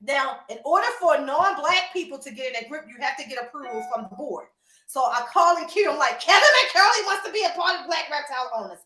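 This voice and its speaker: Woman host, animated storyteller who laughs a lot and speaks straight to her audience; high voice, echoey room. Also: brisk. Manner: animated, laughing, addresses listeners as y'all. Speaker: podcast host. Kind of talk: casual storytelling chat.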